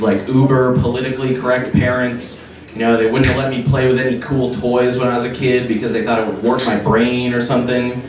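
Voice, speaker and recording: A young man doing a stand-up set at a bar, talking deadpan and halting with lots of fillers, on a handheld mic with the crowd laughing. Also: mid-range voice. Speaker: stand-up comedian. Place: bar with a live audience. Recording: echoey bar room from far off. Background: audience laughter.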